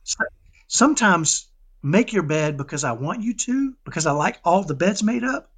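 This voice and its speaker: A man talking casually in an interview about raising his son, animated and often checking in with "right?". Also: high-pitched, moderate pace, husky. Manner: animated, keeps asking "right?"; acts out dialogues with his son. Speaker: parenting guest.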